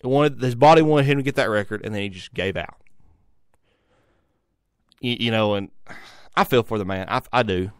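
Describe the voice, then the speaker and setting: A man's voice: on the low side, normal speed, long pauses, clean tone, no echo, studio quality. A young adult man, hosting a solo sports talk show, rambling with frequent restarts and repeated words. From Tennessee. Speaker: sports radio host.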